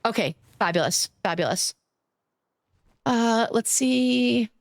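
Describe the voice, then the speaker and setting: A woman streamer chatting casually with her viewers, gushing and affectionate as she thanks them by name, playful and quick to giggle. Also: on the high side, lively intonation, creaky, dry recording, studio quality. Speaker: live streamer. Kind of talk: casual live-stream chat.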